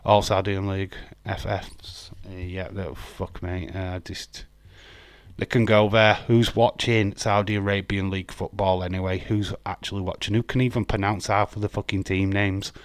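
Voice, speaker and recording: A man with an English accent chats on a live stream, ranting bluntly and swearing freely. His voice is low and a little hoarse, and the sound is dry, with no room around it. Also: little pitch movement, moderate pace, dry recording. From England. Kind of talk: casual live stream chat.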